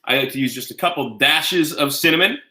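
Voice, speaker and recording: Casting: male home-cook host, bright forward voice, chatty and folksy, echoey kitchen sound. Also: fairly high pitch, fairly quick. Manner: chatty, folksy, talks to viewers directly. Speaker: home cooking show host. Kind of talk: casual live cooking demonstration.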